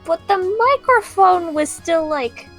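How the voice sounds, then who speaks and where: Woman, casual co-host, high pitch, relaxed slow chat with giggles. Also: soft background music. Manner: chatty, giggling, animated storytelling. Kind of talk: casual chat about video game glitches.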